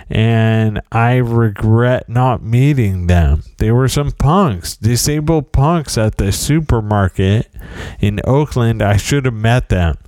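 A middle-aged man talks slowly and at length, rambling through self-deprecating stories on his own podcast. His voice sits a little low, with a mellow, smooth tone. The sound is dry and close, with no room around it. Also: no room sound. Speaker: podcast host. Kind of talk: casual solo monologue.

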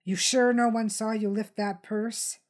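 A woman's voice: fairly high pitch, steady tone, measured pace, darkish tone, natural voice. Woman voicing a blunt, wary male street friend, storybook reading.

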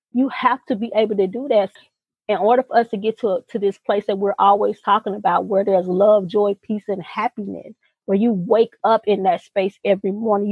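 A woman's voice: medium pitch, breathy edge, no echo. A woman co-hosting a podcast, talking earnestly and expressively in a casual, heartfelt conversation. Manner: earnest, expressive, folksy asides. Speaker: podcast co-host. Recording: tinny phone-like sound.

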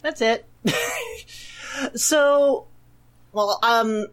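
A woman's voice: fairly high pitch, very slow. A woman co-hosting a comedy podcast, teasing the others and moving the bits along. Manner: teasing, steers the segment. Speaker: podcast co-host.

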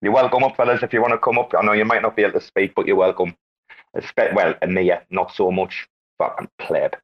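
A man with a fairly low voice hosts a casual online chat, joking loudly and swearing freely between bites. The sound is dull and lo-fi, like an online call. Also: steady tone, brisk. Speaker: host. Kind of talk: casual chat on a live audio space.

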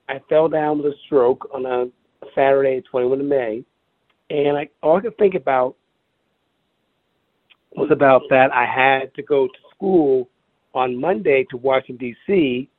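A man recalling his experience in an interview, speaking haltingly, searching for words and repeating himself. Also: mid-range voice, no echo. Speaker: interview guest. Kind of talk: personal recollection over the phone. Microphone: telephone. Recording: tinny phone line.

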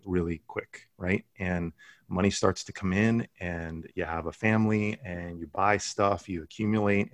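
A man's voice: low-pitched, no room sound, studio quality. A man in his forties with a New Jersey accent, a podcast guest telling his story in an earnest, self-reflective way. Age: 40s.

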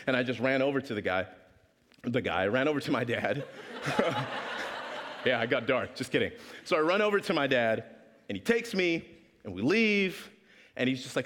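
A man's voice: mid-range voice, expressive, moderate pace, a bit bright, in a large hall. A man preaching a storytelling sermon, acting out the voices of the people in his story. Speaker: pastor.

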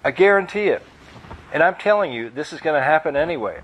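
A man's voice: fairly high pitch, lively intonation, quick pace, fairly bright tone, slight background noise, poor audio. A man reading aloud, voicing a glib, salesy man who talks up his scheme. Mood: breezy. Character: brash man unleashing nanotech, glib. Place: live bookstore reading.

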